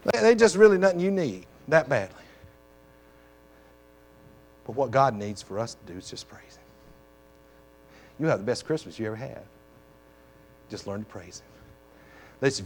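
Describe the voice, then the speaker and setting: A man preaching as pastor to his congregation, talking in emphatic, repetitive exhortations. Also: medium pitch. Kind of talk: sermon. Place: church sanctuary.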